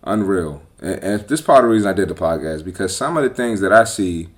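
A personal trainer hosts a podcast, speaking in a low, brisk voice. His monologue is casual and animated, blunt and full of profanity.

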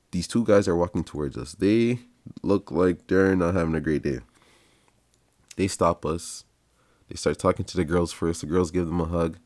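Here a young man hosts a podcast, spinning relaxed, slang-filled stories and chuckling as he talks. The voice is deep and a little mellow, captured in a clean studio with no room sound.

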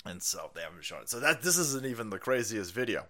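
A man's voice: lowish voice, sing-song, fast talker, hardly any pauses, sharp tone. A man hosting a livestream, ranting through profane political commentary and laughing often. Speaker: livestream host.

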